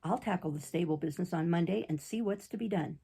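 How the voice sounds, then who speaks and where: A woman reading an audiobook, voicing a plain-spoken middle-aged father and former circus rider, with a gravelly, husky voice. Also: on the low side, quick pace, dark tone, full character voice. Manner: plain folksy country speech.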